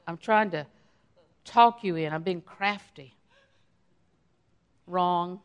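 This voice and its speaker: With a smooth, lowish voice and a slow pace, a middle-aged woman preaches conversationally, playing out lines she has said in daily life. The audio has its high frequencies cut off.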